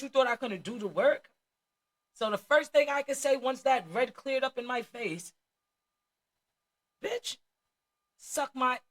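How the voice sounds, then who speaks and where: Blunt, profane woman from New Jersey. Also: fairly high pitch. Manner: street slang, blunt and profane. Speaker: storyteller. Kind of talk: candid personal storytelling.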